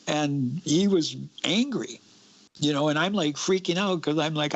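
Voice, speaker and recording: A man's voice: on the high side, normal speed, lo-fi sound. Man telling a ghost story. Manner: vivid, suspenseful retelling of a personal experience. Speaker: guest. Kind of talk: casual storytelling.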